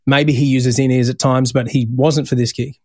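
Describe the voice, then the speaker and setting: A man's voice: mid-range voice, normal speed, no room sound, clean studio sound. A man hosting a podcast, telling stories in casual chat and swearing freely. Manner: animated storytelling, swears casually. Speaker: podcast host.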